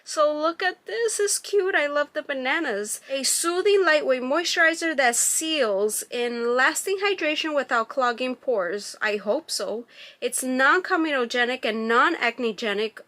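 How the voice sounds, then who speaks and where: A woman's voice: high voice, expressive, measured pace, pushed and bright. A woman vlogger chatting through a beauty box unboxing, reading product labels aloud and gushing over packaging. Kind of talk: casual unboxing review.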